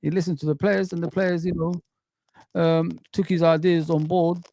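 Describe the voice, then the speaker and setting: A man's voice: a little high, little pitch movement, normal speed, vocal fry, mellow. A man hosting a casual football chat, rambling with many restarts and fillers. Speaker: podcast host.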